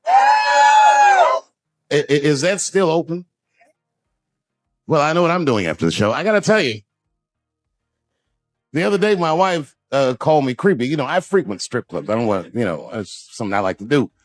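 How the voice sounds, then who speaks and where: A man's voice: fairly high pitch, sing-song, a little fast, pauses often, no echo, soft background music. A man in his fifties doing a stand-up routine, rambling through self-deprecating asides with frequent restarts. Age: 50s. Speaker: stand-up comedian.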